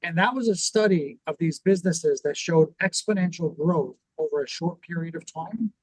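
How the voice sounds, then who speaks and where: Man, somewhat high voice, dry close sound, animated explainer, acts out quotes. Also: moderate pace, no room sound, low-quality recording. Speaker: podcast co-host. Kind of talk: conversational teaching.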